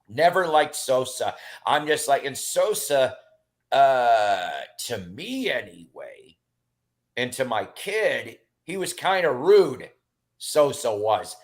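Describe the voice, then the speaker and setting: A man's voice: mid-range voice, takes it slowly. A middle-aged man rambling through casual stories in a chat, with lots of fillers and restarts. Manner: rambling and animated, with many fillers.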